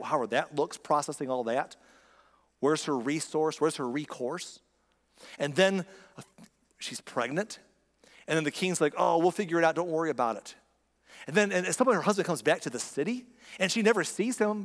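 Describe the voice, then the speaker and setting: A male pastor delivering a sermon in a casual, emphatic style, often asking rhetorical questions. His voice sits a little high for a man. The sound carries a long reverb from a large church hall.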